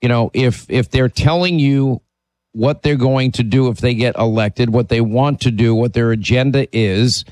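A man's voice: mid-range voice, fairly even intonation, moderate pace, darkish tone, no room sound. A man hosting a call-in talk radio show, talking emphatically and opinionatedly, sometimes restarting his sentences.

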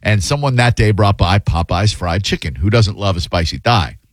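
A fill-in talk radio host in his fifties rambles through self-deprecating stories and casual chat, leaning on lots of fillers. His voice is lowish and animated, his pace moderate, and the studio broadcast mic in the radio studio captures it with no echo.

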